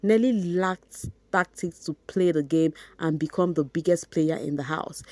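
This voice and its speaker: A young Nigerian woman with a Nigerian accent, reading out and reacting to a reality show gossip post, laughing often in an animated, mocking way. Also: on the low side, no echo. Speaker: gossip vlogger.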